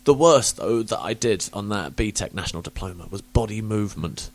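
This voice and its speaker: A man's voice: on the low side, animated, a little fast. A man from England hosting a podcast, chatting casually, swearing a lot and laughing often. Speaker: podcast host. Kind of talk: casual chat.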